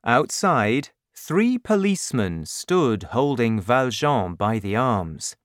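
Brief: slow storybook narrator, lively pitch, dry close sound. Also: dry recording. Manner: slow, expressive, clearly paced reading.

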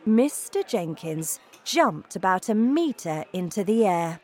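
A woman reading a children's storybook aloud as narrator, with a slow, expressive delivery. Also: mid-range voice. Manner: slow, lively intonation.

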